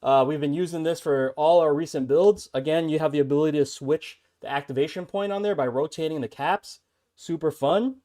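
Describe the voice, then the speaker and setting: Upbeat man with a fairly high voice. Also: fairly quick, mellow. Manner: upbeat and chatty, talks straight to viewers. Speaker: fightstick builder streaming. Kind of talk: casual livestream showcase.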